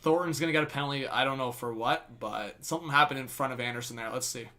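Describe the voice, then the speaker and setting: A young man calling a hockey game play by play from a live stream, laughing often and shouting when the action heats up. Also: mid-range voice, fast talker. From Canada. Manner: laughs often, bursts into loud excited shouts on big plays. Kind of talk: live fan play-by-play commentary.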